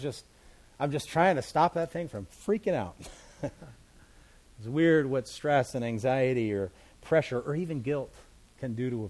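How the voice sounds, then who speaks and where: A man's voice: mid-range voice, darkish tone. A man, a pastor, teaching through scripture verse by verse in a conversational sermon, explaining it in plain everyday words.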